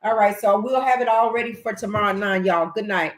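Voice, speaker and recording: An older woman with a Southern US accent, hosting a casual late-night live-stream chat, excitable and quick to laugh. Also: mid-range voice, roomy sound, slight background noise, rough recording. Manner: chatty, excitable, laughs easily. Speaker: livestream host.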